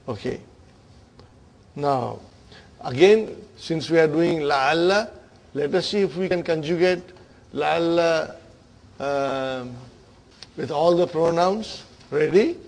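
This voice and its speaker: A man's voice: a little high, vocal fry, darkish tone. A man teaching Arabic grammar to a class, patiently checking understanding and addressing students as brothers and sisters. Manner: patient, checks understanding with frequent "okay?" and "huh?".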